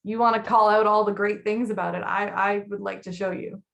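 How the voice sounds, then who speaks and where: A woman in her thirties co-hosting a casual chat, blunt and chatty with quick laughs. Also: mid-range voice, steady tone, gravelly, dull audio. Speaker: podcast co-host.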